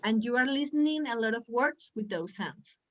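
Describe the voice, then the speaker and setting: A woman's voice: a little high, animated, moderate pace. A woman whose first language is Spanish, teaching English pronunciation in an online class and exaggerating sounds to demonstrate them.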